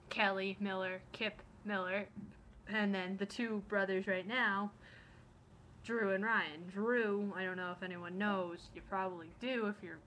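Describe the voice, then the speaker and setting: A young woman rambles through a casual vlog in an excited, gushing way. Her voice sits at an ordinary middle pitch and now and then sinks into hushed, breathy asides. A faint hiss runs underneath. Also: poor audio. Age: young adult. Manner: excitable, rambling, gushing storyteller who acts out quotes. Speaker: vlogger. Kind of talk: casual chat.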